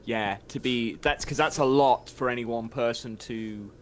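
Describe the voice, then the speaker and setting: A man talking as a guest on a live stream, casual and hesitant, often pausing with "um" and restarting his sentences. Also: medium pitch, a little hiss or hum. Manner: hesitant, full of ums and restarts. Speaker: guest reader.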